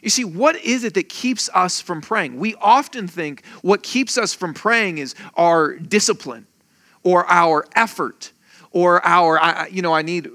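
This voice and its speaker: High, bright-voiced male preacher. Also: unhurried. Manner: animated, acts out quoted voices, jokey asides. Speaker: pastor. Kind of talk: sermon.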